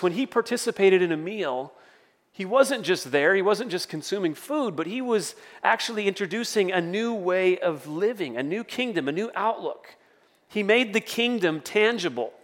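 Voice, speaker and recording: A man's voice: high voice, a bit bright, in a large hall. A man preaching a sermon as pastor, conversational, with storytelling asides.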